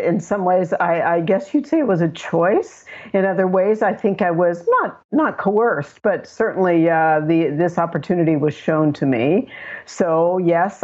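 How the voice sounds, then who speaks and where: An older woman, a psychologist, telling her story in an interview, earnest and often restarting her sentences. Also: a little mellow. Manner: earnest, with frequent restarts and fillers. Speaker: psychologist and regression guide. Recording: muffled low-fidelity audio.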